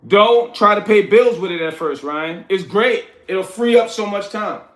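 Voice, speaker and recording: New guy on a livestream, blunt and preachy, kinda high voice, echoey room. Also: measured pace, fairly bright tone. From New York. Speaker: livestream host. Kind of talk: casual livestream chat, reading chat aloud.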